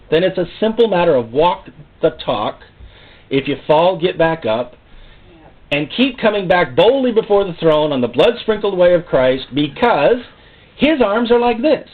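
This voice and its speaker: A man preaching a sermon in an animated way, often acting out God's voice and the people he quotes. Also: high voice. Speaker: pastor. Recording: phone-like narrow sound.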